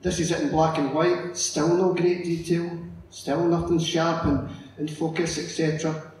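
A middle-aged man giving a lively, storytelling conference talk and acting out the characters. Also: fairly high pitch, moderate pace. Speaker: conference speaker. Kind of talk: illustrated public lecture. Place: conference hall. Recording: echoey hall, distant mic, faint noise.

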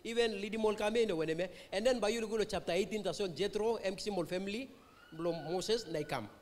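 A man's voice: sits high, fast talker, slight background noise. A male pastor with a Papua New Guinean accent preaching a revival sermon, switching between English and Tok Pisin and putting questions to the congregation. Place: church hall. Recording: long church-hall reverb.

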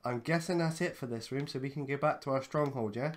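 A man's voice: medium pitch, a little fast, slight background noise. A man teasing his co-player in a casual, sweary gaming chat. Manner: sweary, playful, teasing banter. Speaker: gamer co-host.

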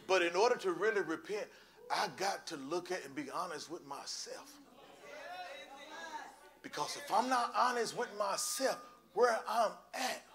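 Fervent preaching man with a bright, high voice. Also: creaky. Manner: builds from hushed storytelling to shouting, fervent preaching. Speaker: pastor. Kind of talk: sermon.

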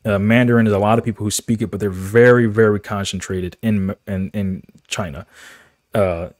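Casual male vlogger, low voice, rambling delivery, dry close sound. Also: fairly even intonation, normal speed, a little mellow, dry recording. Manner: rambling, many fillers and restarts. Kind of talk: casual talk to camera.

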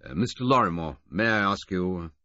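A man voicing a smooth, formal officer in an audiobook, measured and official in manner. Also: low voice, expressive, pushed and bright, dry recording. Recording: dull, dry lo-fi audiobook recording.

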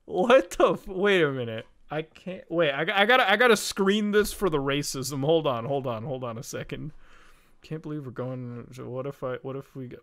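A young male streamer talking casually to his viewers. He swears freely and gets excited quickly, often breaking into laughter. His voice sits fairly high and swings widely in pitch. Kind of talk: casual livestream chat.

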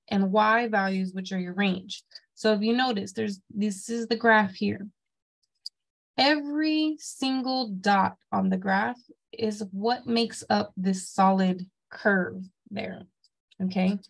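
A woman's voice: medium pitch, rough recording. A woman teaching a math class in a plain, mid-range voice. She explains step by step and checks in with "okay?" after each point. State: has the hiccups. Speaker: math instructor. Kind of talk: classroom lecture.

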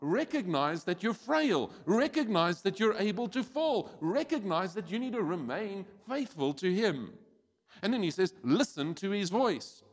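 Animated preaching man in a reverberant church hall. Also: sits high, measured pace. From South Africa. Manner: animated preaching, acting out quoted voices. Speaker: pastor. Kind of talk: sermon.

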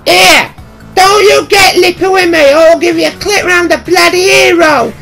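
Falsetto scold: man playing a shrill mother, yelling, foul-mouthed, nagging. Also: moderate pace, vocal fry, music in the background. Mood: furious scolding. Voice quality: screeching falsetto, yelled from afar. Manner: nagging, swearing, threatening. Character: shrill scolding working-class mum, middle-aged woman.

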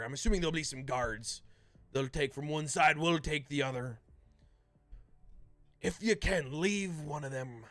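A man plays a blunt, bossy mercenary captain barking low, curt orders. Some lines drop to a hushed whisper. The sound is dry and close to the mic. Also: dry recording. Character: gruff male mercenary leader, bossy and blunt.

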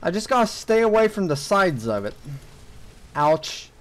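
A man's voice: high-pitched, big pitch swings, a little slow, low-quality recording. A young man commentating his own gameplay, talking to viewers and ranting with lots of swearing when things go wrong. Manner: frustrated ranting with heavy swearing. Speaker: gaming YouTuber.

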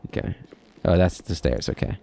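A man's voice: moderate pace, mellow, slight background noise. A man hosting a let's play, reading game text aloud with casual commentary and dry offhand asides.

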